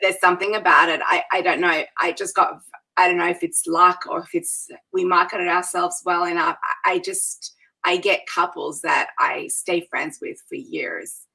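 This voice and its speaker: Woman event planner chatting, husky but bright tone, lively storyteller who laughs a lot. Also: on the low side, normal speed, poor audio. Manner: animated storyteller, laughs often. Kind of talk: casual interview storytelling.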